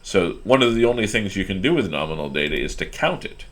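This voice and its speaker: A man with a low, gravelly voice teaches a screen-recorded lesson. He explains as he works, thinking aloud with fillers and restarts. His voice is deep throughout, with a rough fry at the ends of phrases. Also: big pitch swings, fast talker. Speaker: instructor.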